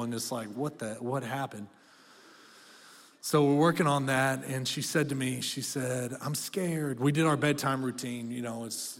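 A man in his thirties preaching a sermon as pastor, conversational and direct, asking the congregation to speak back. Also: mid-range voice. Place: church auditorium. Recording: long reverb of a church hall.

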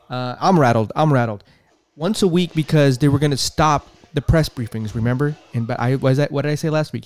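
A man's voice: mid-range voice, darkish tone. A man hosting a podcast, ranting with profanity and exasperation and repeating himself as he comments on a press briefing. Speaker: podcast host.

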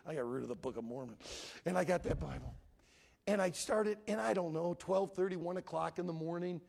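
Gravelly middle-aged preacher telling a story. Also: male voice. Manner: emotional, dramatic storytelling with big pitch swings. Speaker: pastor. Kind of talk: sermon storytelling. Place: church.

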